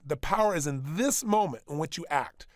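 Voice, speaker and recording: This motivational speaker's voice is a little high, with lively intonation and no room sound. Speaking at a studio workshop for a small audience, he hammers his points, loves repeating phrases, and rattles off rhetorical questions.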